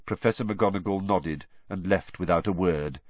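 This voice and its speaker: A man narrating a story from a script, expressive in his storytelling, on a dull lo-fi recording. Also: low voice, moderate pace, no echo. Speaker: audiobook narrator.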